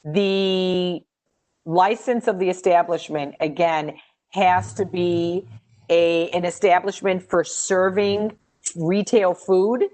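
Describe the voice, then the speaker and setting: A woman answering questions about a grant program in a webinar, explaining in a measured way with pauses and fillers. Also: lowish voice, fairly even intonation, darkish tone.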